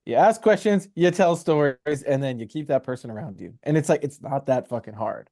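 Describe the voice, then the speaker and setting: Mellow-voiced, emphatic podcast man. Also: on the high side, a little fast. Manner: emphatic, profane, encouraging. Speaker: podcast co-host. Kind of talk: casual chat.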